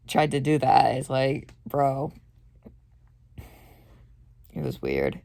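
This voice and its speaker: A young woman with a low, gravelly voice and a dark, mellow tone tells a rambling story full of fillers and swearing. She mostly sounds low-key and tired, then flares up loudly. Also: big pitch swings, very slow. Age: young adult. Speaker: vlogger. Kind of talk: casual storytelling rant.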